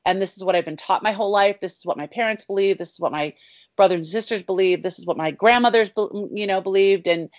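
A woman's voice: mid-range voice, fast talker. A middle-aged woman talking as a guest author about her faith, earnest and heartfelt, often saying "you know". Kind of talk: faith conversation. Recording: dry, slightly dull sound.

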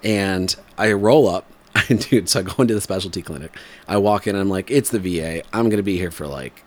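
A man in his forties with a somewhat low voice. He rambles through a casual story with plenty of fillers and laughter, and his voice jumps up when he imitates the people in it. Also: brisk, darkish tone. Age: 40s.

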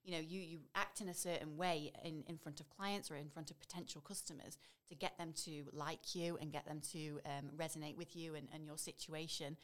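Woman, 30s, Staffordshire accent, quick pace, low-pitched, chatty interview guest, filler-heavy. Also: steady tone. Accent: Staffordshire (Stoke). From Stoke-on-Trent area, England. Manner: chatty, frequent "you know" fillers. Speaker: voiceover artist, guest. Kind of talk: casual conversational interview.

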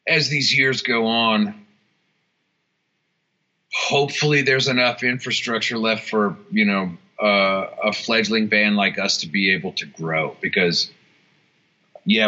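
Fairly low-pitched and sharp in tone, this guitarist and songwriter rambles through a casual interview, restarting constantly, using fillers and swearing. The sound quality is dull and lo-fi.

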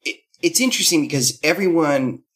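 A man's voice: fairly high pitch, animated, a little fast, a bit bright. Rambling man telling a candid story. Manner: rambling, many fillers and restarts, acts out quotes. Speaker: guest.

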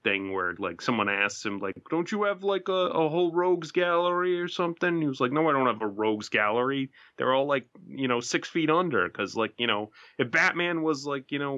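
A man's voice: mid-range voice, pushed and bright, lo-fi sound. A man co-hosting a podcast in casual chat, filling his sentences with "like" as he talks. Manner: filler-heavy, says "like" constantly. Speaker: podcast co-host.

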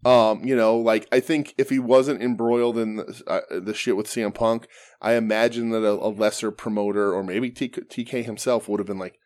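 A man's voice: lowish voice, normal speed. A man co-hosting a casual wrestling podcast, blunt and heavy on swearing. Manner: profane, blunt, animated. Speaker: podcast co-host.

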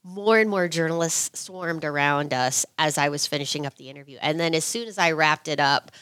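A middle-aged woman with a slightly low voice tells a story as a podcast guest. She is animated and laughs often, and she acts out what people said. The sound is dry and close to the mic. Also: fairly quick, clear, resonant tone, no room sound. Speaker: guest, former TV reporter. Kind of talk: casual storytelling.

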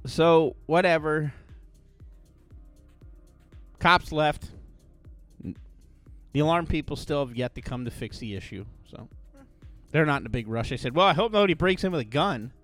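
Animated, lively-pitched male podcast host. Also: normal speed, long pauses, no room sound, faint music behind. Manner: animated storytelling, swearing, acting out others in shrill voices. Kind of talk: casual chat.

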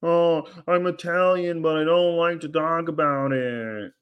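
A man's voice: on the high side, steady tone, a little slow, clear, resonant tone, dull audio, voice pushed up, close to an everyday voice. A man putting on an impression of a whiny, self-amused middle-aged male comedian who chuckles at his own lines. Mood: sheepish.

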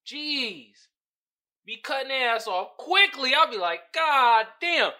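Male podcast host, animated casual monologue with a bright tone and lively pitch, slangy and profane. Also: slow pace. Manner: animated, swings from low muttering to loud exclaiming; slangy, profane, laughs at his own points. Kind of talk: casual solo commentary.

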